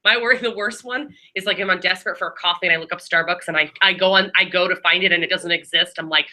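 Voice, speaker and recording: A woman training a class of new receptionists in a room, talking quickly and chattily with many fillers and restarts. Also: lowish voice, fairly even intonation, bright, forceful tone, rough recording. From Maryland.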